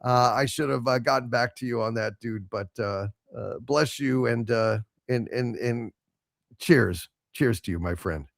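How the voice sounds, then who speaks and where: A man's voice: mid-range voice, measured pace, creaky, no room sound, studio quality. A man hosting a casual live stream, reading out viewer messages with mock-grand salutes in a loose, rambling way. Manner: loose and rambling, many fillers. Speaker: show host reading viewer super chats.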